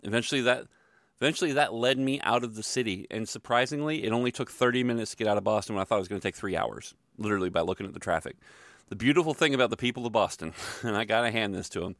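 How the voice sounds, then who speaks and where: A middle-aged man tells a long personal story in a loose, self-deprecating ramble, stopping for asides and fillers. His voice sits fairly low with a gravelly edge. The recording is dry and close, with no room sound. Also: rapid-fire, fairly bright tone, no room sound. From Louisville, Kentucky area. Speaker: podcast host telling a personal story. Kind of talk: casual storytelling monologue.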